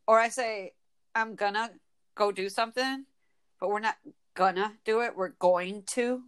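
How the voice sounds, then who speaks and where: A woman's voice: medium pitch, normal speed, clean tone. A woman from Michigan with a Michigan accent, co-hosting a casual chat podcast, chatty, full of slang and laughter. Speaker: podcast co-host.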